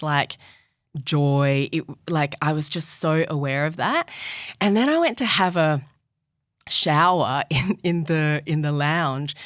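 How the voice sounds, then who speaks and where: A woman's voice: low voice, dry recording, studio quality. A woman telling personal stories in a candid podcast conversation, laughing often and acting out what people said. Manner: animated storyteller, laughs often, acts out quotes. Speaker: guest.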